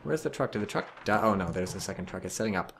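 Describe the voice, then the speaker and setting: A man's voice: fairly low pitch, lively intonation, quick pace, gravelly, noisy background. A man casually commentating a strategy game replay, analytical and wry with frequent swearing. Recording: game music and gunfire behind.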